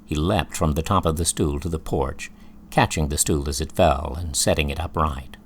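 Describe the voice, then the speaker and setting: A man reading an audiobook in a slow, measured storytelling voice. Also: very deep voice, a little hiss or hum. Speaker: audiobook narrator. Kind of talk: scripted audiobook narration.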